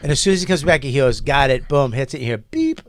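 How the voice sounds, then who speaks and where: A man's voice: medium pitch, quick pace, no room sound. A man in casual podcast chat who jokes, teases and laughs often. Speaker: podcast co-host.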